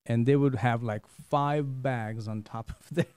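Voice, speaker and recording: A middle-aged man from India, hosting a talk show and telling stories in a casual, animated way, often repeating words. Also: mid-range voice, unhurried, clean tone, no room sound. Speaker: host. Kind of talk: casual storytelling chat.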